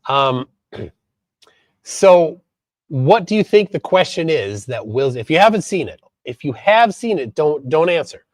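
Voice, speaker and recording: A man from Minnesota hosting a live stream, reading chat aloud and commenting in a halting way with many fillers. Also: fairly high pitch, big pitch swings, dry recording. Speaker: livestream host.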